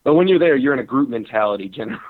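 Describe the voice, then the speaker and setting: A slightly hoarse man calling in to a show, chatting casually and rambling with fillers. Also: medium pitch, expressive, rapid-fire. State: a little hoarse. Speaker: caller. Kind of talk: casual phone call-in chat. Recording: tinny phone line.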